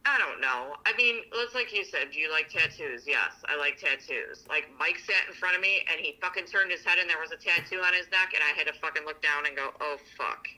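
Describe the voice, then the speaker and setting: A woman with a very bright, sharp-edged voice tells stories bluntly and swears constantly. She co-hosts a casual relationship podcast and acts out both sides of her conversations. The sound is a little lo-fi. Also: low-pitched, fairly quick, few pauses. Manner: blunt, profane, animated storytelling. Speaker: podcast co-host. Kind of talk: casual chat.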